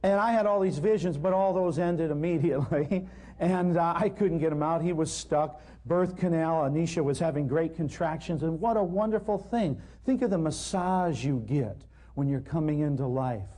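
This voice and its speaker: Man telling wry stories, mellow voice. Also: a little high, normal speed. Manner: humorous, wry, self-deprecating. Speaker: natural healing lecturer. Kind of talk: anecdotal storytelling talk to a live audience. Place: live talk in front of an audience.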